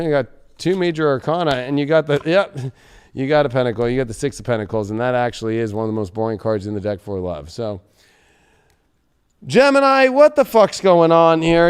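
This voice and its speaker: A man's voice: mid-range voice, a little mellow, clear, resonant tone. A man giving a live tarot reading from a studio, blunt and rambling, swearing often. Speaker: tarot reader.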